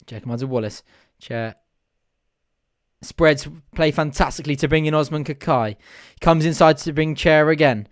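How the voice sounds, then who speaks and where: A young man hosting a live football watch-along, shouting at the match, swearing and groaning over his team. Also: fairly high pitch, a little slow, pauses often. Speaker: fan watch-along host.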